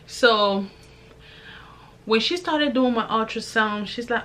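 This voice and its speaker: Animated woman telling her story, slightly high voice. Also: takes it slowly. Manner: animated, acts out both sides of conversations; religious, praises God while telling. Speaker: vlogger sharing a personal testimony. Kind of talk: personal storytelling.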